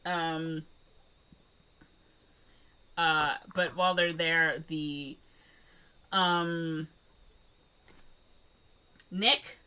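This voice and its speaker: Bright-toned woman rambling through a movie recap. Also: deep voice, fairly even intonation, extremely slow, long pauses, clean tone. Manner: rambling retelling full of "like" and "um". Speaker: podcast co-host. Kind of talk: casual movie recap chat.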